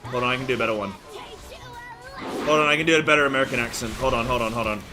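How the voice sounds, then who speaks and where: A man chatting casually on a live stream while gaming, quiet and distracted, repeating himself. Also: medium pitch, rapid-fire. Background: game music.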